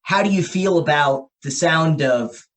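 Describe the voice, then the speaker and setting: A man hosting a podcast, thinking out loud as he explains ideas at a whiteboard and often checks in with "okay?" and "right?". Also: on the high side, a little slow. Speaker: podcast host. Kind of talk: casual explanatory podcast talk. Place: room with a whiteboard.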